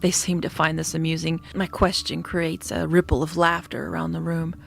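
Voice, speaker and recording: Gravelly-voiced woman narrating horror. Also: sits low, normal speed. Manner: steady, descriptive storytelling with hushed moments. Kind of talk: scripted horror story narration. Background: faint background music.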